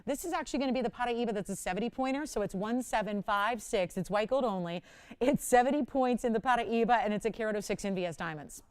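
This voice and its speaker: A woman's voice: fairly high pitch, quick pace, smooth. Chatty, laughing woman shopping host. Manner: chatty, self-mocking, laughs often. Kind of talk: live shopping presentation. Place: TV shopping studio.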